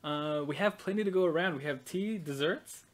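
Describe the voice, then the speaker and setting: A game master voicing an excitable older baroness who fusses over her guests and presses food on them. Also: mid-range voice, moderate pace, natural voice. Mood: gushing. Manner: gushing, eager to please, pushy with food.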